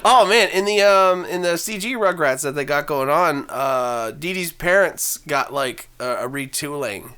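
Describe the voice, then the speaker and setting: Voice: animated, unhurried, few pauses, bright, forceful tone, clean tone. A podcast co-host chatting casually, laughing a lot and swearing. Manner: laughs a lot, swears, slips into squeaky old-man impressions. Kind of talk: casual chat.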